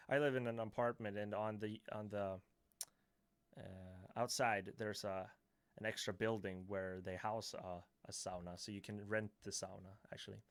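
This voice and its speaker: A man's voice: on the low side, no room sound. Swedish man hesitantly chatting on a livestream. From Sweden. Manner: hesitant, filler-heavy, self-correcting, chuckling. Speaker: YouTuber answering chat questions. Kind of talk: casual livestream Q&A.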